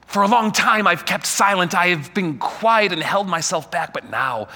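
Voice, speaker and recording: A man preaching a sermon, animated and full of rhetorical questions aimed at the congregation. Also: sits high, moderate pace, hardly any pauses.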